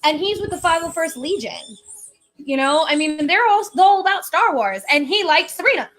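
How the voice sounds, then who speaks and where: A woman's voice: very high voice, lively intonation, moderate pace, a bit bright. A woman hosting a podcast in casual chat, chatty and playful, laughing often. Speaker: podcast host.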